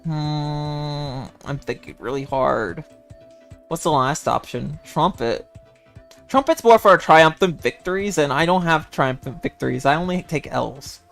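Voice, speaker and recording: Young man, casual livestream chat, giggly, self-deprecating, slow, soft music behind. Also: on the high side, vocal fry. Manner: playful, giggly, self-deprecating cat-boy persona. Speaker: streamer.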